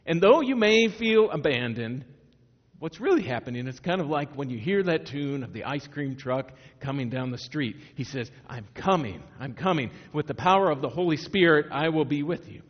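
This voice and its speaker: A middle-aged pastor from Northwest Indiana preaching a sermon in a casual, conversational way, full of restarts and rhetorical questions. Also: male voice, fairly high pitch, animated, moderate pace. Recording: dull sound, long hall reverb.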